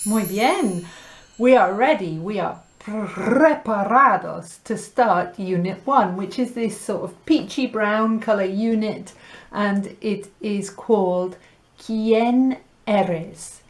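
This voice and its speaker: A woman teaching a Spanish lesson, drilling sounds clearly and slipping Spanish words into her English. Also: medium pitch. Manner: slow, clear pronunciation drills with light laughs. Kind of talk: recorded language lesson.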